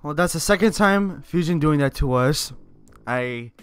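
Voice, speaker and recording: Young male gaming host, lively and excitable, yelps and laughs through play, slightly high voice, faint music behind. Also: a little slow, smooth, dry recording. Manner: excitable, laughs and yells at the game. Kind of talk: excited gameplay commentary.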